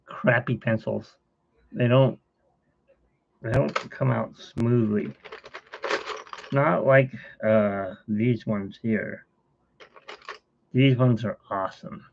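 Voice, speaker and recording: A man's voice: medium pitch, steady tone, takes it slowly, vocal fry, pauses often, lo-fi sound, a little hiss or hum. A middle-aged man hosting a casual live stream from home, rambling and chuckling as he talks to viewers while he sketches. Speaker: host.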